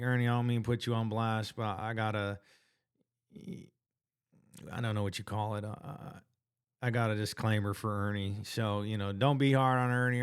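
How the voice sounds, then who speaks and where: Earnest man with a smooth low voice. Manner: earnest, conversational with frequent restarts and slang. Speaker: vlogger sharing weight-loss progress. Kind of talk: casual motivational monologue.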